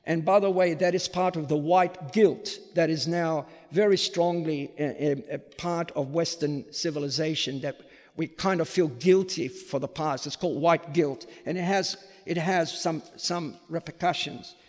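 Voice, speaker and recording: A middle-aged priest gives an emphatic lecture and often turns to the audience with rhetorical questions. His voice sits high for a man. The sound rings with the long reverb of a large hall. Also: measured pace. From Australia.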